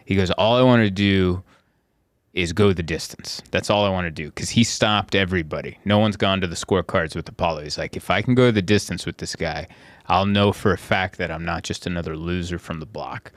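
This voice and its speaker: A man with a fairly low voice hosts a comedy podcast, recorded close with almost no room sound. He tells stories in a loose, chatty way and acts out the people in them with quick character voices. He laughs easily, often right in the middle of his own lines. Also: dry recording. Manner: animated storyteller who acts out scenes in voices; laughs often while talking. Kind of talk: casual podcast chat.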